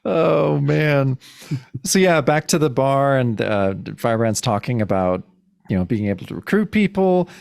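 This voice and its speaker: A man joins a podcast as a guest and recaps a comic in a casual, giggly way. He keeps tripping into restarts as he talks. His voice sits at a middling pitch and sounds dry and close to the mic. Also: expressive, measured pace, vocal fry, darkish tone, clear, resonant tone, no echo. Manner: laughs often, stumbling restarts.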